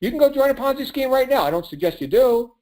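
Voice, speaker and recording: His voice is extremely high with big pitch swings, fast and darkish in tone. He's a motivational sales speaker coaching a call, preachy and punchy, asking questions only to answer them himself and laughing often.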